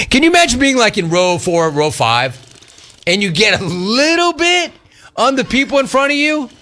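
A man's voice: very high voice, big pitch swings, normal speed, sharp tone. A man hosting a sports radio show, joking his way through commentary on a photo and laughing often.

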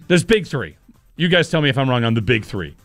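Animated joking sports host, man. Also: medium pitch, normal speed, dry recording, soft background music. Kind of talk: casual sports chat.

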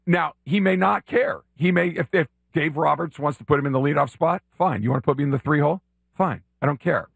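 Casting: emphatic sports talk co-host, gravelly and fairly high, dry close sound. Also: male voice, a little fast, no room sound. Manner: emphatic, repeats words, jokey impressions. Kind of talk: casual sports talk chat.

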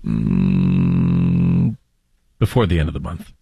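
A man's voice: a bass voice, sing-song, slow pace, creaky, dark tone, husky, no room sound. A man co-hosting a political chat, speaking in a terse, matter-of-fact way. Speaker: co-host.

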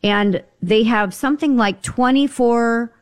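A woman's voice: a little high, a little slow, smooth. A woman on a talk show, telling stories and giving health advice in a chatty, emphatic way. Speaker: guest health advisor. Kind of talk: casual radio talk.

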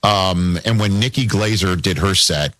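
Conversational male host, lowish voice, dry close sound. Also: measured pace, a bit bright, no echo. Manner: conversational, asks questions. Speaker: interview host. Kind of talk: casual interview chat.

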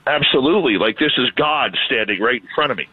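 A Canadian man, a radio host, telling stories in a casual, animated, self-deprecating way. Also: medium pitch, quick pace, slightly rough, no room sound, narrow, tinny audio. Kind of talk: casual storytelling conversation.

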